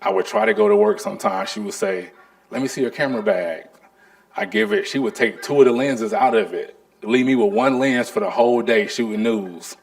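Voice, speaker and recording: A man's voice: medium pitch, fairly quick, vocal fry. A man, an artist giving a storytelling lecture about his career. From North Carolina. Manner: animated, acts out the people in his stories.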